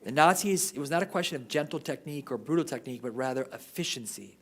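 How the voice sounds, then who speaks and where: A man's voice: medium pitch, expressive, quick pace. A man giving an informal history lecture at a parish, talking off the cuff and often ending sentences with "right?".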